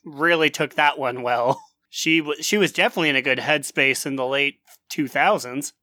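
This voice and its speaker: A man on a podcast answers with teasing one-liners. His voice sits on the high side and sounds bright and sharp. The sound is dry, with no room echo. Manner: teasing, quick quips. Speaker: podcast co-host. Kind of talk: casual chat.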